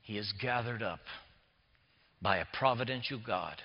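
A man, preaching a sermon as a pastor, swinging between hushed near-whispers and loud emphatic passages. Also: fairly low pitch, normal speed. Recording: echoey hall, dull lo-fi sound.

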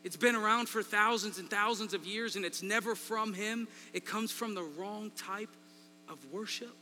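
Bright animated preacher in echoing hall. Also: male voice, high voice, moderate pace. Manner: animated, swings between loud emphasis and quiet asides. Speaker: pastor. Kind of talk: sermon. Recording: long reverb in a large hall, faint mains hum.

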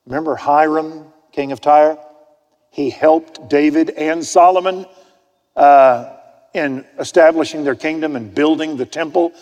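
A man preaching a sermon, telling a story and dropping from loud emphasis to hushed whispers. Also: a little high, fairly even intonation, unhurried, muffled recording. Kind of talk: sermon with personal anecdote. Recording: long reverb of a large hall.

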